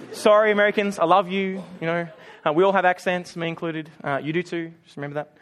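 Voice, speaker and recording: High-voiced man preaching conversationally. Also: fast, a bit bright. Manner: conversational, self-deprecating humor. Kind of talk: sermon.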